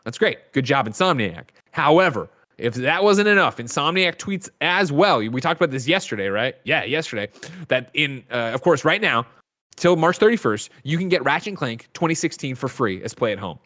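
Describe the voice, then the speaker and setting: A man's voice: mid-range voice, very animated, normal speed, sharp tone. A man hosting a casual gaming news show, rattling off release lists with joking asides. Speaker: show host. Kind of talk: casual chat and news roundup.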